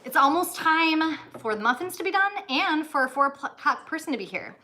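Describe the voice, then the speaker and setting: Bright woman co-hosting a casual stream. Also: high voice, very animated, fairly quick. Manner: rambling, many fillers, talks while doing chores. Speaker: live stream co-host. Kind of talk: casual chat.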